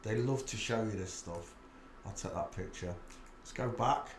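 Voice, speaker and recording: A man's voice: fairly low pitch, normal speed, echoey room, slight background noise. Yorkshire man muttering screen commentary. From England. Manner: muttered running commentary, thinking aloud. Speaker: channel host. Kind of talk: casual commentary while browsing images.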